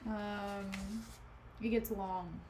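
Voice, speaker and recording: A woman's voice: mid-range voice, steady tone, very slow, noisy background. A young woman streamer reading a play aloud and chatting sarcastically about it in slang.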